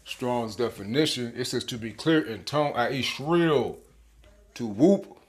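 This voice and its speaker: Male bible teacher, informal video sermon, emphatic and slangy, average pitch. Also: lively intonation, measured pace. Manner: emphatic, slangy, chuckling, repeats words.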